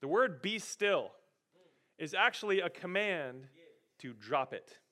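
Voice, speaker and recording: A man pastor preaching a sermon, animated and emphatic, rising and falling in volume. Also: fairly high pitch, measured pace.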